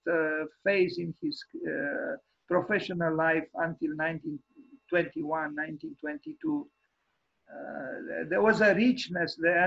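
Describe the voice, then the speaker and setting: A man with a high, gravelly voice that has a husky edge gives an informal online architecture lecture. He talks haltingly, with many fillers and restarts, and offers frank, wry opinions. The audio comes over a video call and sounds dull and lo-fi. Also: a bit bright. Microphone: video call microphone.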